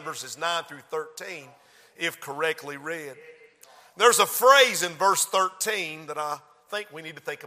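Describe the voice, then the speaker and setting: Man, fervent sermon, high voice, bright and forceful, long hall reverb. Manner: fervent preaching, swelling to shouts. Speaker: pastor. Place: church.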